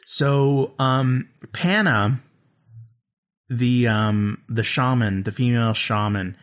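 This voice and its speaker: A man's voice: mid-range voice, takes it slowly. A man co-hosting a podcast, recapping an episode in casual chat, laughing and acting out lines as he goes. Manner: animated storytelling, laughs often, acts out lines. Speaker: podcast co-host.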